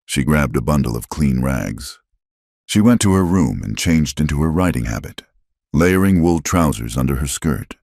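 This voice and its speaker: A man narrating a story in a steady, dramatic storytelling manner. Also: extremely low pitch, normal speed, dry recording, studio quality. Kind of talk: scripted audiobook narration.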